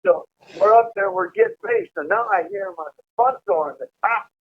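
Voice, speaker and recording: A man telling a profane, animated prison story over a prison phone call. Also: sits high, fairly quick, creaky. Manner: profane, animated storytelling, laughing at his own tale. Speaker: incarcerated caller telling prison stories. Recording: tinny phone line.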